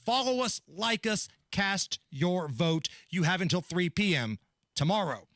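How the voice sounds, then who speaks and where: High, lively talk radio host. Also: male voice, measured pace, no echo, clean studio sound. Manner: animated, promotional, sarcastic. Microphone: studio microphone.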